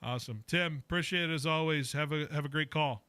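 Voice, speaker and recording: A man's voice: a little high, brisk, sharp tone, smooth, dry recording. A man hosting a local sports radio show, chatting casually with plenty of fillers. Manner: upbeat, filler-heavy. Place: radio studio. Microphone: studio mic.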